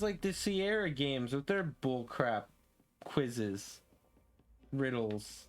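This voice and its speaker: A man's voice: on the high side, takes it slowly. A man streaming a game live, talking casually and venting his frustration with swearing and rants, from a room at home. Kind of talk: casual live gameplay commentary. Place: home room with window open.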